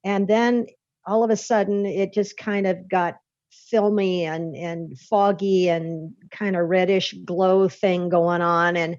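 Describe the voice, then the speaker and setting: A woman's voice: on the low side, steady tone, slow pace, darkish tone, no room sound. A woman guest recounting a personal experience in an interview, a vivid storyteller who laughs often and restarts her sentences. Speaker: author and podcast guest. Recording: dull lo-fi dry recording.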